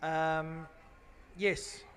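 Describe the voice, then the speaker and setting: A man calls a race live from the trackside over a public address microphone. His voice sits a little high, and he drifts from joking, rambling chatter into loud grid announcements. There is faint outdoor ambience from the circuit behind him. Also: level tone, extremely slow, a little hiss or hum.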